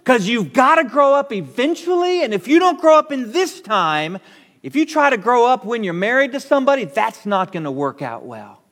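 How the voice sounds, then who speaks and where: A man preaching a sermon as pastor, emphatic and animated, often repeating words for stress. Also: very high voice, moderate pace. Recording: long church reverb.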